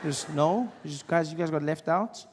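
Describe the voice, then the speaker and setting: A man from South Africa performing a stand-up comedy routine, animated and acting out characters in excited voices. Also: fairly high pitch, normal speed, noisy background.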